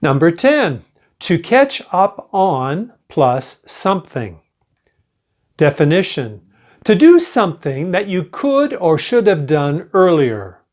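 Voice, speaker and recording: An older man teaching an English lesson, reading example sentences slowly and clearly for students to repeat. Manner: slow and clearly enunciated, with lively pitch. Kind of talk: slow pronunciation lesson.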